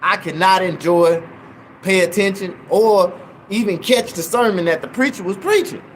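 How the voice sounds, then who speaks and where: A man telling a profane, comedic story in an animated, loud way. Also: sits high, normal speed, slight background noise.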